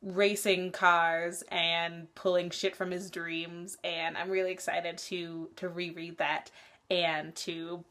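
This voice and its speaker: A woman's voice: on the low side, flat delivery, takes it slowly, a bit bright. A young woman vlogger in casual chat about a book she is rereading, candid and swearing often.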